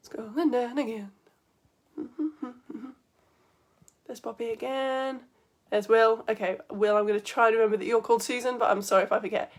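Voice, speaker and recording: A young woman teaching science in a live online lesson for children, chatty and bubbly, greeting viewers by name. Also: high-pitched.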